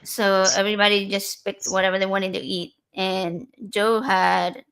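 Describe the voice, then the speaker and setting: A woman's voice: medium pitch, level tone, moderate pace, vocal fry, fairly bright tone, smooth, low-quality recording. A woman co-hosting a podcast in casual chat, giggly and chatty, often restarting her sentences. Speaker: podcast co-host.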